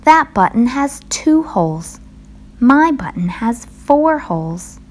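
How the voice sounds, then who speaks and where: Woman putting on a fussy high-pitched toad. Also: big pitch swings, slow, full character voice. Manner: whiny, rising to cries and wails when upset. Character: fussy, easily upset male toad.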